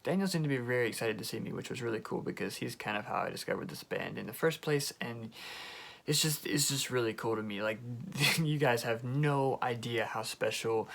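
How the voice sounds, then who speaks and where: Young guy doing a storytime video, super excited, rambles a lot, mid voice. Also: mid-range voice, fairly quick, gravelly. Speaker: YouTuber. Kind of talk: storytime vlog.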